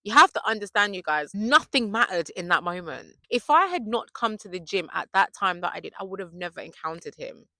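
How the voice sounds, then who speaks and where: A young woman tells stories to her viewers in a gushing, excitable way. Her voice is bright and swoops up and down. The sound is close and dry. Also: medium pitch, a little fast, few pauses, dry recording. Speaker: faith vlogger. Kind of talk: casual chat to camera.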